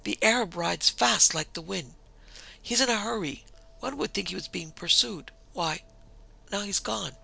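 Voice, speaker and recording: A man reading an audiobook, voicing a lively, eager young French woman traveler. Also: high-pitched, measured pace, gravelly, voice pushed up, full character voice. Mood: insistent. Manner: eager, insistent. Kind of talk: audiobook character voice.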